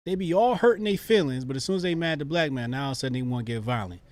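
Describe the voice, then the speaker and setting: Male co-host, mid-pitched, expressive intonation, dry close mic. Chats in slang. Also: racing, dry recording. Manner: agreeing and recounting, casual slang. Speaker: podcast co-host. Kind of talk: casual podcast commentary.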